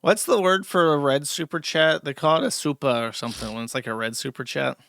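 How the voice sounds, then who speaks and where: A man's voice: on the high side, fairly quick, gravelly, fairly bright tone, dry recording, clean studio sound. A man giving sarcastic, mocking livestream commentary as host. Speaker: commentary streamer.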